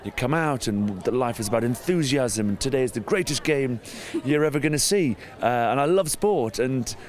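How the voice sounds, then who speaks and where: A middle-aged English man, a former rugby player, chatting in an outdoor interview, self-mocking and growing animated. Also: mid-range voice, moderate pace. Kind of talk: casual interview chat. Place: outdoors at a sports venue.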